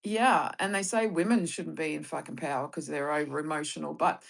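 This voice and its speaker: A woman's voice: low-pitched, steady tone, a little fast, gravelly. A woman on a casual political podcast, indignant and swearing often.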